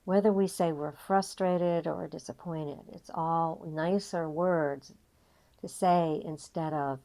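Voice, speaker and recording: An older woman coaching an emotional tapping session, reflective and gently guiding, with frequent pauses. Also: deep voice, steady tone. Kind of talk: guided tapping session talk.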